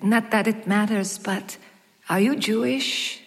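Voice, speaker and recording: A woman voicing a shy, gently wry young male rabbi in a storybook reading, soft-spoken and hesitant. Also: medium pitch, slow pace, long reverb tail.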